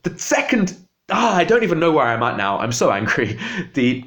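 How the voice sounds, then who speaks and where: A young man delivers a heated political rant as a vlog. His voice swings widely in pitch, surging high when agitated. He sounds exasperated, as if struggling to keep his anger in check. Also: very animated, normal speed, fairly bright tone, lo-fi sound. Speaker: vlogger. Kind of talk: impassioned political rant to camera.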